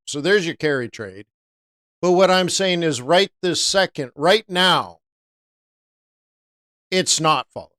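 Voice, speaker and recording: A man with a slightly raised pitch and a smooth, crisp voice leads a live forex trading lesson. He talks in a loose, chatty way and often turns aside to answer a viewer by name. The sound is close and dry, with almost no room echo. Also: a bit bright.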